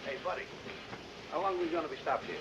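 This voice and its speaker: A man playing a brisk, bossy straight man in a 1950s TV comedy, coaxing and taking charge. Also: on the high side, highs cut off, background noise, lightly acted.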